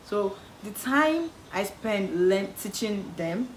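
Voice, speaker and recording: A woman's voice: mid-range voice, takes it slowly. A young Nigerian woman with a Nigerian accent, giving casual advice to camera and acting out what relatives say with emphatic repetition. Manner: animated, acts out quoted relatives, emphatic repetition. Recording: echoey room with faint background noise.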